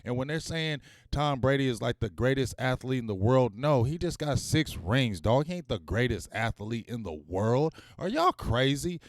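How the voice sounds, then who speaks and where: A man with a medium-pitched voice hosts a live-streamed sports talk show at normal speed, barely pausing. Animated, he talks straight to viewers in casual slang and calls out to them. The recording is dry and studio quality.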